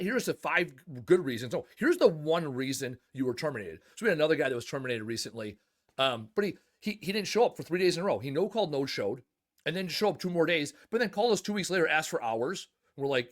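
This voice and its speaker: Emphatic, fairly high-voiced business owner. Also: male voice. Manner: emphatic, animated storytelling. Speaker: junk removal business owner. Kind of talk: casual podcast conversation.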